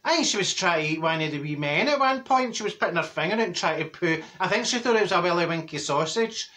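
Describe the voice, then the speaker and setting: A man's voice: sits high, expressive, fast, sharp tone. A man playing a cheeky, blunt older woman from Glasgow with a Glaswegian accent, rambling through a gossipy comic monologue and laughing at his own jokes.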